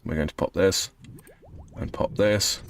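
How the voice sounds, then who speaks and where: Low-voiced man chatting on a game stream. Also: slow pace, soft background music. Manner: rambling, reads chat messages aloud and answers them. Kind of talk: casual live-stream chat while gaming.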